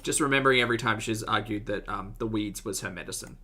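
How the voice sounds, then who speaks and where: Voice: mid-range voice, quick pace, pushed and bright, husky. A reaction channel host giving wry, sarcastic commentary over video clips, with exasperated outbursts.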